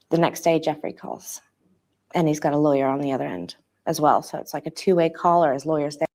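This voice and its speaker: A woman with a lowish, gravelly voice gives an interview about her past. She talks in a halting, hesitant way, often restarting her sentences. Her account sounds personal and emotional. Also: steady tone, a little mellow.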